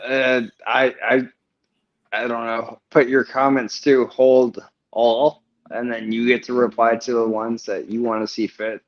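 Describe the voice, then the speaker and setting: A man's voice: mid-range voice, level tone, a little slow, highs cut off. A man in casual podcast chat, laid-back and joking in his banter.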